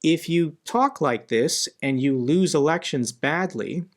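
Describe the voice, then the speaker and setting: Male host, slightly high voice, emphatic Q&A commentary. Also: animated, a little slow. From United States. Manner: emphatic, repeats phrases for stress. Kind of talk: Q&A commentary, reading viewer questions.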